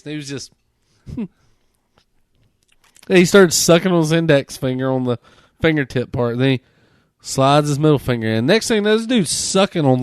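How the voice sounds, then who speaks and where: A man tells a story on a gaming podcast, swearing freely and acting out the people in it. His pitch climbs and drops as he gets worked up. The sound is dry and close to the mic. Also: clear, resonant tone, no echo. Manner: animated, profane storytelling, mimics people he quotes. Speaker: podcast host. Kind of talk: casual storytelling chat.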